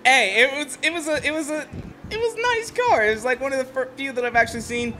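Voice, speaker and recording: Excitable young man streaming a racing game. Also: very high voice, fast talker, slight background noise. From Ohio, USA. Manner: excitable, rambling storyteller. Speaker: gameplay streamer. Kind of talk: casual gameplay commentary.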